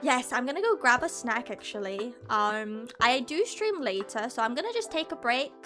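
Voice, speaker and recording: A woman with a high, bright voice chats on a live stream, venting animatedly and often breaking into laughter. She talks back to her viewers' messages in a loose, conversational way. Soft music plays faintly behind her. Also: animated, normal speed. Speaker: VTuber streamer. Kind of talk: casual live-stream chat.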